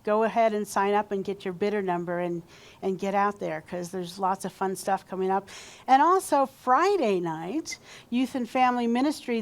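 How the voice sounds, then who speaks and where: A woman pastor giving a sermon in a church, talking conversationally and leading the congregation in call-and-response. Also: medium pitch. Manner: warm conversational preaching, leads call-and-response. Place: church sanctuary.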